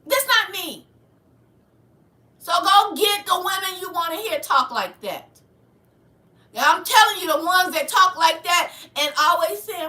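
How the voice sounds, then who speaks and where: A woman hosting her channel livestreams heated, preachy commentary, fiery and confrontational, in a very high, pushed, bright voice. She speaks slowly with long pauses, far from the mic in an echoey room.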